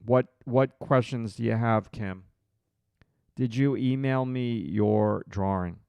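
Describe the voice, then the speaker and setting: A man's voice: mid-range voice, slow, gravelly, a little mellow, clean tone, no echo, dull audio. A man hosting a live drawing stream, thinking aloud as he draws and chatting with viewers in his chat.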